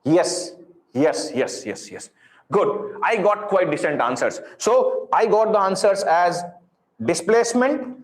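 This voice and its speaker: High, animated Indian teacher. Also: male voice, takes it slowly. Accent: Indian English. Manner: encouraging, repeats praise, mixes Hindi. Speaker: physics teacher. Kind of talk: live online lecture. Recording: roomy echo.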